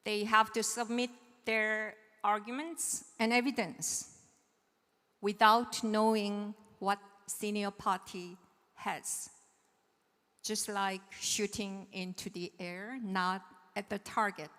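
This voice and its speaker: A woman giving a seminar lecture in a large hall, her smooth, resonant voice carried on a long reverb tail. She takes her time and checks that the audience follows before moving on. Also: mid-range voice, steady tone, takes it slowly, fairly bright tone. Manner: patient, checks understanding with "right?". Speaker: seminar presenter on patent law. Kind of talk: explanatory technical lecture.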